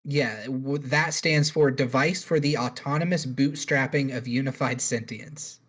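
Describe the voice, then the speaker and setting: A man's voice: medium pitch, fairly even intonation, measured pace, fairly bright tone, slightly rough. A man co-hosting a podcast in casual chat, rambling through a news story with jokes and swearing. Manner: rambling, joking, swears freely. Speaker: podcast co-host.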